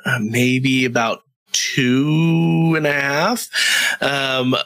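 A man co-hosting a podcast, chatting casually, telling his stories slowly and laughing easily. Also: mid-range voice, steady tone, a bit bright, no room sound. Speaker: podcast co-host. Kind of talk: casual chat.

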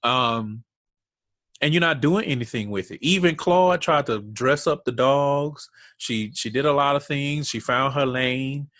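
A man's voice: medium pitch, unhurried, fairly bright tone, dry recording. A man co-hosting a casual reality-TV recap podcast, blunt, profane and exasperated. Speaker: podcast co-host.

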